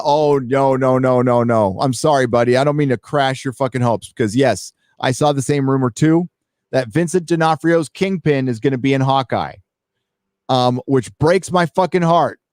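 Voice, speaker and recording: A man's voice: a little high, dry recording, clean studio sound. A man hosting a livestream, ranting casually with lots of swearing and fillers while reading donations. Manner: emphatic, swears freely, many fillers. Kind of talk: profane casual rant.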